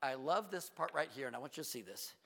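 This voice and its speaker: A middle-aged man preaching a sermon, firing rhetorical questions and asides, sometimes dropping to a hush. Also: mid-range voice, vocal fry. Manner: animated preaching with quick asides, rhetorical questions and hushed drops. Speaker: pastor. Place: church sanctuary. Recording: long reverb of a large hall.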